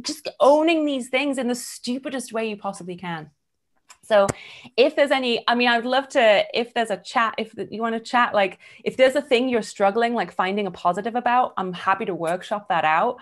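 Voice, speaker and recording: A woman's voice: mid-range voice, fairly quick. A woman in her thirties hosting an online workshop over a video call, talking candidly and animatedly. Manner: candid, animated, acts out quoted voices. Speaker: workshop host.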